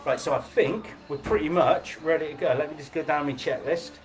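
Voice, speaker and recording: A man's voice: fairly high pitch, a little fast, music in the background. A man hosting a casual live cooking class, chatty, jokey and informal as he demonstrates.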